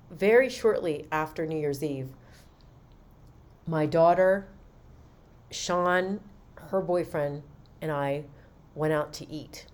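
Low-voiced woman telling a personal story. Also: slow pace, long pauses. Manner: animated, recounting conversations. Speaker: podcast host.

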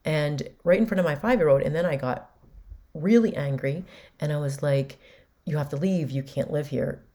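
A woman in her forties hosts a podcast and tells a personal family story. She speaks in a low voice, candid and emotional, and acts out what each person said. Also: normal speed, mellow. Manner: candid, emotional retelling with quoted dialogue. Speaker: podcast host.

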